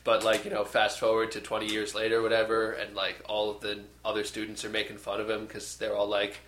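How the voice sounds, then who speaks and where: A man's voice: fairly low pitch, monotone, fairly quick, a bit bright, slight background noise. A young man in casual chat, retelling a movie with lots of fillers and acted-out bits. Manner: rambling, filler-heavy, acts out scenes. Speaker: podcast co-host. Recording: echoey room.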